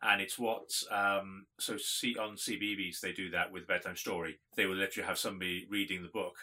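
A man's voice: deep voice, fairly even intonation, brisk, sharp tone. A man from Wales co-hosting a podcast, explaining points in casual chat. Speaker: podcast co-host.

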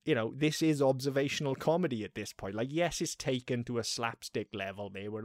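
A man's voice: medium pitch, fairly quick, a little mellow, dry recording. Man, podcast co-host, enthusiastic casual chat, dry sound.

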